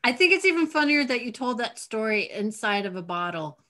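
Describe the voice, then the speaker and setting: A woman's voice: on the high side, sing-song, bright, forceful tone. Woman host, bubbly and giggly, casual video-call chat. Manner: giggly, bubbly, quick to laugh. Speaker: talk show host.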